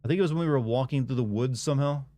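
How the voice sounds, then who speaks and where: Monotone young man streaming games. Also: medium pitch, very fast. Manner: monotone, rambling with restarts. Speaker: game streamer. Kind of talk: casual chat while streaming.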